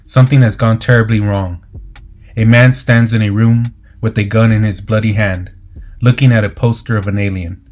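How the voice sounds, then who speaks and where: A man narrating a comic book story recap in a steady, dramatic scripted delivery. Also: fairly low pitch, normal speed. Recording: faint music underneath.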